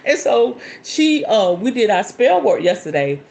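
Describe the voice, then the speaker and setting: A woman's voice: mid-range voice, sing-song, moderate pace, darkish tone. A woman with a Southern American accent hosting a casual spiritual talk, chatty and folksy and breaking into laughter. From Southern United States. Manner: chatty and folksy, calls listeners y'all and baby, bursts of laughter. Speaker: spiritualist host. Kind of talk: casual live talk answering viewer questions.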